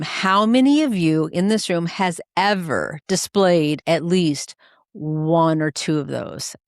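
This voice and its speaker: A woman with a fairly low voice hosts a conversational podcast. She tells anecdotes expressively and acts out the lines of other people. Her voice sounds close and dry, with no room around it. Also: no room sound. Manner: expressive storyteller, acts out quoted dialogue. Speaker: podcast host. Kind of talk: conversational interview.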